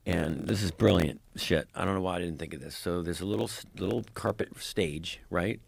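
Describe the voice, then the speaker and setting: Gravelly man telling stories. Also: sits low, fairly quick, slight background noise. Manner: animated, profane, laughing storyteller. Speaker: comedian guest. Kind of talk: casual chat, storytelling.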